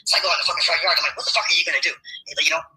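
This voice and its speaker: Fast, very bright-voiced man rambling. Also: a little high, level tone, a little hiss or hum, rough recording. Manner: rambling, heavy filler words, swearing. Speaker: storyteller in a played clip. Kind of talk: rambling personal story.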